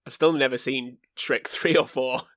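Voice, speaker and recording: A man's voice: mid-range voice, steady tone, normal speed, fairly bright tone, dry recording, studio quality. A British man co-hosting a casual podcast, teasing and laughing often. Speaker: podcast co-host.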